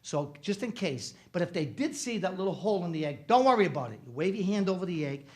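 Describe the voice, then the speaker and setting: A man from the doing a comic magic routine full of jokes, a hammy showman who swings from loud to quiet. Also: sits high, sing-song, fast talker. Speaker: comedian guest doing a magic bit.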